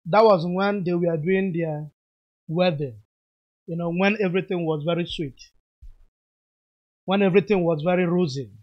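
A man talks through clips in a relaxed, explanatory way, pausing to moralize. His voice sits fairly high for a man. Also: muffled recording. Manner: unhurried, explanatory, moralizing asides. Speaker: commentary vlogger. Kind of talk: casual commentary over video clips.

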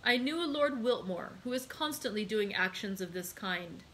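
A woman reading aloud as a grave, reserved nobleman, speaking in a measured way. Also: medium pitch, animated, fairly bright tone, slight background noise, close to an everyday voice, rough recording. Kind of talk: read-aloud storytelling.

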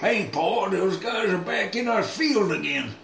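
An older man voicing an eager young farm son in a quoted joke, excited and urgent, pitched higher than his own voice. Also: measured pace, creaky, roomy sound, background noise, exaggerated voice.

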